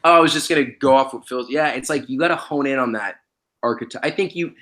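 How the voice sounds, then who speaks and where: A man's voice: medium pitch, fast, a bit bright. A young man in casual podcast chat, laid-back and slangy, rambling with lots of fillers. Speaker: podcast guest, former reality show contestant.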